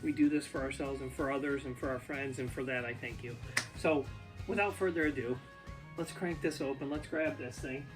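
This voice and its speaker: A man's voice: medium pitch, normal speed, music in the background. Chatty man rambling off the cuff. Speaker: YouTube food reviewer. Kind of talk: casual unscripted vlog talk. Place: home basement. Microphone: ear pod.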